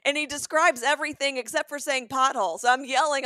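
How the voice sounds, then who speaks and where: A woman's voice: high-pitched, quick pace, no echo, studio quality. A woman in her forties, co-hosting a comedic podcast, tells a story in casual chat and acts out what people said. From American South. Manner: animated storytelling, acting out quotes. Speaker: podcast co-host.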